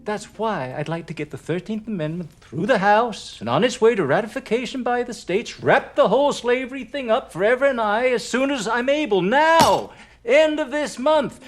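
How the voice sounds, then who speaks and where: An actor playing a determined older US president in a period film, with plain, folksy speech. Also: male voice, extremely high pitch, expressive, normal speed. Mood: resolved.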